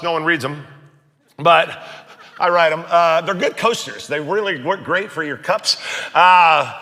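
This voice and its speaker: A middle-aged man preaches in a high, gravelly, very bright voice. He tells stories with animation and jumps into raised voices for the people in them. His voice carries a long reverb from a big hall. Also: expressive, moderate pace. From United States. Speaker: pastor. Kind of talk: storytelling sermon.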